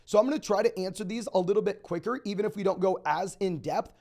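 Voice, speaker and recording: A young man hosting a live stream, answering viewer questions in a rapid, auctioneer-like delivery. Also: high-pitched, creaky, mellow. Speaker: fantasy football host.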